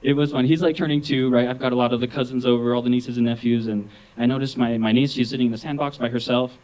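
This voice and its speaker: A man's voice: mid-range voice, steady tone, quick pace, a little mellow, rough recording. A man doing stand-up comedy in a club. He rambles through his stories, chuckles often and says "like" a lot. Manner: rambling, chuckles often, heavy use of 'like'.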